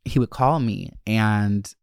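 A man hosting a podcast, telling stories in a brash, profane, animated way and acting out quotes. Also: fairly low pitch, takes it slowly, gravelly, clear, resonant tone, no room sound, clean studio sound. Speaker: podcast host. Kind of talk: casual storytelling chat.

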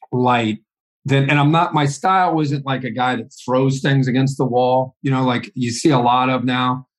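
Middle-aged man telling a story. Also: medium pitch. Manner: conversational, repeats words when starting sentences. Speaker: guest, college football analyst. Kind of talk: podcast interview, storytelling.

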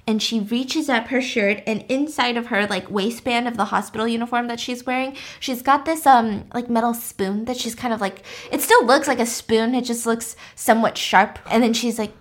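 A woman's voice: on the high side, moderate pace, hardly any pauses. Chatty young woman telling a story. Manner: chatty, lots of "like", acts out quotes. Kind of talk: casual storytelling.

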